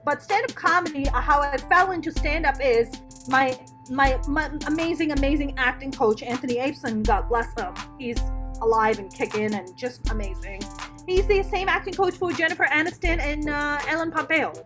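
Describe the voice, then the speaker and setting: A middle-aged woman, a stand-up comedian, telling her life story as a podcast guest in a candid, profane, animated way. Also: sits high, a little fast, few pauses, over music. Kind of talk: casual interview storytelling.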